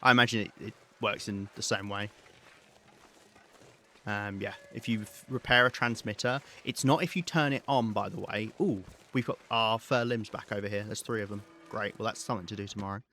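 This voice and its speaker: A man giving live gameplay commentary, rambling and thinking aloud with hesitant pauses. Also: on the low side, steady tone, sharp tone. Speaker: game streamer.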